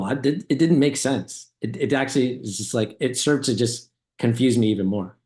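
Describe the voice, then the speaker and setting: A man's voice: medium pitch, normal speed, a little mellow. Laid-back man who laughs a lot. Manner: laid-back, laughs often, rambling storyteller. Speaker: co-host. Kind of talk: casual reaction chat.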